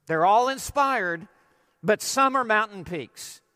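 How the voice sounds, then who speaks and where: A man preaching an expository sermon, emphatic and deliberate, asking rhetorical questions and stressing key words. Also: high-pitched, lively intonation, bright, forceful tone, in a large hall. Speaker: pastor.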